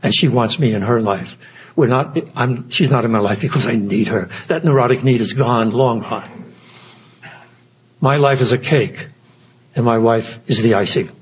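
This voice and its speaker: A man's voice: mid-range voice, moderate pace, lo-fi sound, a little hiss or hum. An older man giving an earnest, reflective personal talk at a recovery meeting. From United States. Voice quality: very husky.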